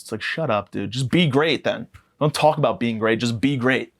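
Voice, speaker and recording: A young man hosts a podcast, ranting for laughs with profanity and mock aggression. He rambles from one jab to the next at a middling pitch. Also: fairly quick, fairly bright tone. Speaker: podcast host. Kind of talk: comedic rant monologue.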